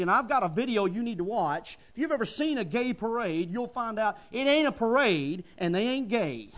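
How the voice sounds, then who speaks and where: A middle-aged man preaching a sermon in a fervent, folksy style, building to emphatic bursts. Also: high voice.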